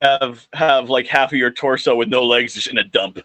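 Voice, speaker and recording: A man with a bright, forceful, fairly high voice, cracking goofy jokes on a podcast. His sound is close and dry, with no room around it. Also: brisk, no room sound. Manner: jokey, goofy storyteller. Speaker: podcast co-host. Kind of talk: casual chat.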